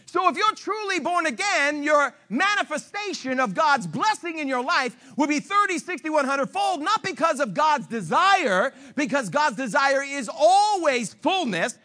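A man preaching a sermon as pastor, animated and emphatic, teasing his listeners. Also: very high voice, unhurried, few pauses.

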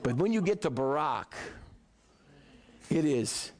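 A man preaching to a church congregation with a somewhat high voice. He swings from joking, lively talk to soft, hushed prayer. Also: slow, long pauses. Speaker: pastor. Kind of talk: sermon.

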